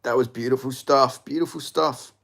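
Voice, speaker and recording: An Australian man giving a live fight reaction, excitable and profane, shouting at big moments. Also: mid-range voice, normal speed, creaky.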